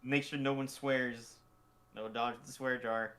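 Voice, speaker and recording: A man's voice: medium pitch, little pitch movement, a little slow, pushed and bright. A man hosting a casual livestream, reviewing animation entries and laughing often. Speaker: livestream host judging animations.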